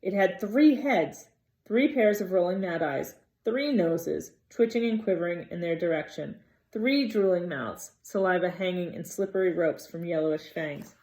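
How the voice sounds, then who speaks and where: Expressive woman reading a storybook aloud. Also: lowish voice, normal speed. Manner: expressive, dramatic. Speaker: reader.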